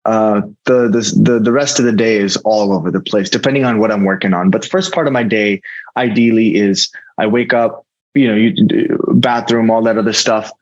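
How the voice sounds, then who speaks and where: Lowish and fairly even in intonation, a man's voice moves at a moderate pace in lo-fi audio. He's an American actor appearing as a guest in a casual interview, earnest and reflective, often starting his sentences over.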